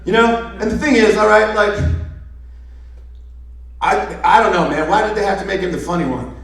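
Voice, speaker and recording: In a fairly bright, high-pitched voice at a moderate pace, a stand-up delivers a sarcastic, profanity-heavy rant at a live show. The room is echoey and his voice comes from well off the mic.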